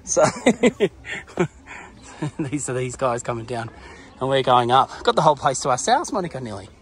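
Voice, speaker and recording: A man's voice: mid-range voice, very animated, measured pace. A man narrating a casual travel vlog outdoors at a pyramid site, chatty and laughing often, out of breath from the climb. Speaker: travel vlogger.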